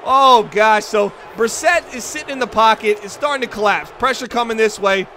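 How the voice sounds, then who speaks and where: Excitable male stream host calling play-by-play; high, bright, forceful voice, talks to the chat. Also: brisk, a faint crowd, a little hiss or hum. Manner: excitable, chatty, talks straight to the chat viewers. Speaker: livestream host and commentator. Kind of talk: play-by-play commentary on a football video game stream.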